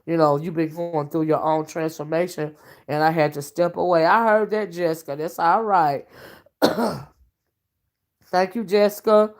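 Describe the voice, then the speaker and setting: Cooking dinner at home, this livestream host and self-styled oracle chats folksily and reads comments aloud. She speaks at a moderate pace with a fairly low pitch and steady tone, calling her audience honey and child and thanking people by name.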